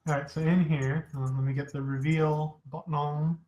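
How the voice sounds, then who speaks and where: A man's voice: on the high side, moderate pace, dull audio. Game master, male, laid-back scene-setter with lots of fillers, roomy echo. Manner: relaxed, rambling with fillers. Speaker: dungeon master. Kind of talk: narrating a tabletop game.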